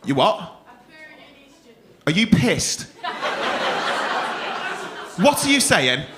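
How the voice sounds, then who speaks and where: Hosting a comedy night in a club, a man ribs the audience with cheeky banter full of swearing, crowd noise filling the live room around him. His voice sits high, swings widely in pitch, and he draws out his words.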